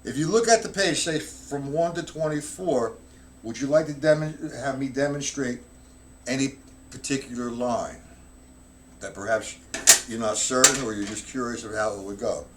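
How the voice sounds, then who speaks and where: A middle-aged man teaching a live-streamed drum lesson, counting rhythms aloud loud and slow between explanations. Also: medium pitch, a little hiss or hum.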